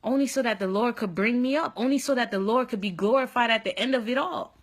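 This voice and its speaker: A young adult woman telling her own story in a casual vlog, expressive, with loud whoops and animated retelling. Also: a little high, fast talker. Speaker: vlogger.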